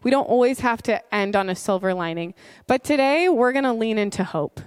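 A woman preaching a sermon, earnest, reading scripture slowly and with emphasis. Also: on the high side, animated, smooth, no echo, clean studio sound. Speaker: pastor.

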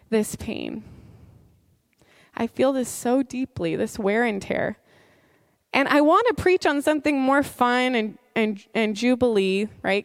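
A woman in her thirties preaching a sermon in an earnest, conversational storytelling manner, with heartfelt warmth. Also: sits high, dry recording, clean studio sound. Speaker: pastor.

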